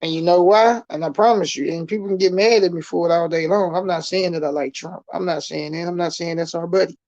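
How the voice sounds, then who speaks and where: A man's voice: a little high, a little mellow, no room sound. Blunt slangy man on a lo-fi call. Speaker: stream guest. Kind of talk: casual live stream chat. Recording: dry, dull lo-fi call audio.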